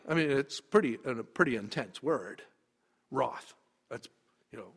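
A man preaching a sermon, emphatic, dropping quiet and then rising loud. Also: mid-range voice, animated, measured pace, long pauses, husky.

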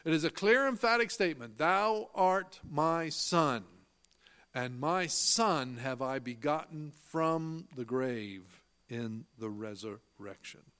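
A man's voice: mid-range voice, lively intonation, a bit bright. A man preaching a sermon. He reads scripture aloud and explains it, stresses key phrases and asks the listeners questions, then answers them himself. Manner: slow, emphatic delivery, quoting scripture in old-fashioned wording.

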